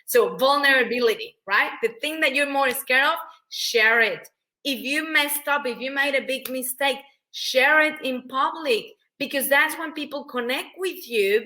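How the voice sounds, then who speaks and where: A middle-aged woman with a Mexican Spanish accent speaks as a guest, energetic and emphatic. Her voice sits a little high and rings bright and forceful. She slips into quoted voices as she talks. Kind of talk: animated interview talk.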